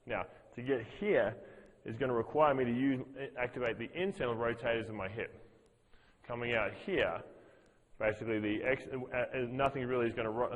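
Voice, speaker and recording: A man's voice: mid-range voice, big-room sound, narrow, tinny audio. A man teaching a fitness class, counting reps aloud and explaining the moves as he demonstrates them. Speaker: fitness instructor. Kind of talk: gym class instruction.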